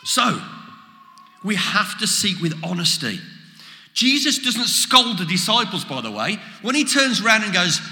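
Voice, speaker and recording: A man preaching a sermon, animated, acting out quoted exchanges as he goes. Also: high voice, a little slow. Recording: echoey hall with long reverb.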